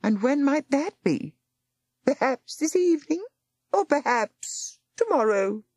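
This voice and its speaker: Woman playing a snappish cold nurse, pitched high. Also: big pitch swings, slow pace, a little mellow, no room sound, clean studio sound, exaggerated voice. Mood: curt. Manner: curt, snapping.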